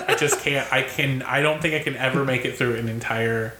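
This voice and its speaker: A man's voice: mid-range voice, pushed and bright. A man co-hosting a podcast in casual, giggly, rambling chat with friends. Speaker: podcast co-host. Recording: roomy with faint background noise.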